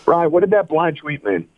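A man's voice: on the high side, dull audio. A man telling crude stories bluntly and profanely on a comedy radio call-in.

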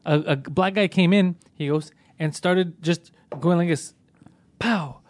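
A man who does stand-up comedy, telling stories in a casual podcast chat, profane and animated. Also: a little high, a little slow, no room sound. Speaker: podcast host.

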